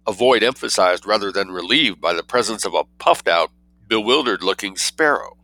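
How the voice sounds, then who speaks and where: A man reads a story aloud in a measured, explanatory way and breaks off now and then for asides of his own. His voice is deep and bright, caught dry and close to the mic. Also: no echo, poor audio. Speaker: reader.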